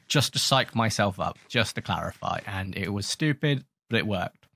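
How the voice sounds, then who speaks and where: A man with a lowish voice and a sharp tone hosts a gaming channel, talking at normal speed with no room sound. His casual commentary is rambling, jokey, and self-mocking as he scolds the creatures in his game.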